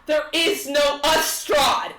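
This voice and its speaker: A woman's voice: on the low side, lively intonation, a little slow, gravelly, background noise. A woman voicing a distraught young bride who pleads and turns defiant, in a tabletop game. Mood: frantic. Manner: pleading, then desperate and frantic. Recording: echoey room.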